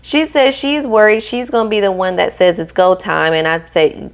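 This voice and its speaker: A woman talks through a reality TV episode in a casual, sassy recap. She is animated and playful, and she often acts out the people on the show as she quotes them. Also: medium pitch, moderate pace. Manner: sassy, animated, quotes cast members in voices.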